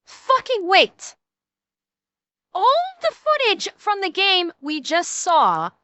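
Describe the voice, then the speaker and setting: A woman's voice: very high-pitched, bright, forceful tone, dry recording. A young woman streaming a reaction to a video, ranting in a profane, exasperated way.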